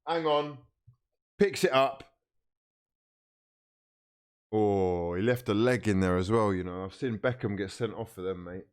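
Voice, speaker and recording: A man reacting live to a football match as a fan streamer, frustrated and swearing, with bursts of shouting at the players. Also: on the low side, measured pace, pauses often, smooth.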